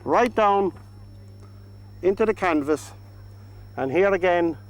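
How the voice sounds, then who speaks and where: Irish painting teacher, man, high-pitched, soft coaxing delivery, outdoors. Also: animated, slow pace, rough recording. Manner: gentle, coaxing, talks to the paint. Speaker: painting instructor. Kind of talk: painting demonstration. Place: outdoors by a lake.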